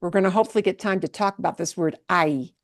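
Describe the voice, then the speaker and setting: A woman's voice: medium pitch, fairly even intonation, a little mellow. Woman teaching beginners, patient, keeps asking okay?, dry close sound. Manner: patient, repeats words slowly for students to echo; checks in often with "okay?". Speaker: Spanish teacher. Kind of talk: beginner language class.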